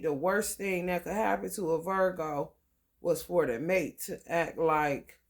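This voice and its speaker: An astrology vlogger talks at an unhurried pace, reading star-sign passages aloud. The pitch sits in a middle register. Between passages come slangy, profane asides. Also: creaky. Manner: slangy, swears freely, reads book passages aloud with side comments. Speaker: astrology channel host.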